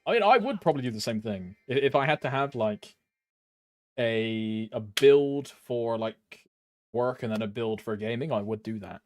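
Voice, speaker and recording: A young British man chats casually on a game stream, rambling with loads of fillers and humming to himself. His voice is medium-pitched and animated, moving at a moderate pace.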